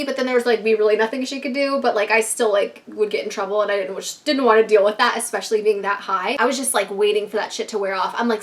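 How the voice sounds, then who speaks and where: A young woman telling a casual storytime to camera, animated and profane, laughing often. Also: fairly high pitch. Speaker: vlogger.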